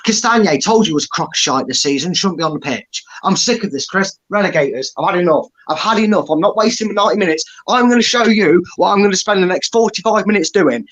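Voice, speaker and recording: Exasperated football fan, high voice, blunt and sweary ranting. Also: male voice, fairly bright tone. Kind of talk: angry fan rant.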